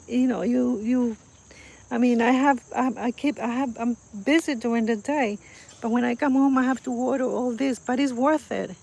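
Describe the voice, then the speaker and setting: A woman's voice: high-pitched, gravelly. A woman chatting casually while filming her garden on a phone, rambling with fillers and gushing over the flowers. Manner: admiring and gushing. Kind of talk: casual vlog chat. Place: outdoor garden. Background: crickets and insects outdoors.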